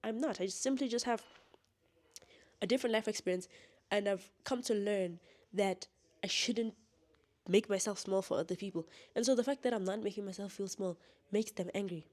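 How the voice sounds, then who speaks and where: A woman's voice: mid-range voice, moderate pace, pauses often, a little mellow. A young woman talking straight to camera in a candid vlog monologue, blunt and defiant, laughing often. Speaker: vlogger.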